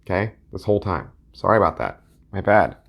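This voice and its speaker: A man's voice: sits low, animated, a little fast, vocal fry, dull audio. A middle-aged man rambling casually as he reviews playing-card decks, joking and poking fun at himself. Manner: rambling, joking and self-mocking. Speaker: deck collector and video host.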